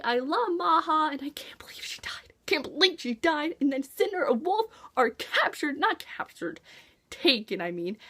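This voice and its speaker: A high-pitched woman chatting about a book with a gushing, excitable energy. Her voice swings widely up and down as she acts out her own reactions. It sounds like a relaxed, casual review. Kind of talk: casual chat.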